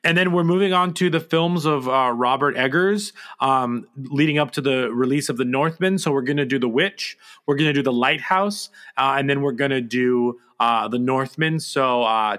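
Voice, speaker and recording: A man at an ordinary middle pitch chats casually as a podcast host. He meanders through his points, often pausing on fillers and starting sentences over. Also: fairly bright tone. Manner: rambling, with many fillers and restarts. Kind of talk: casual movie chat.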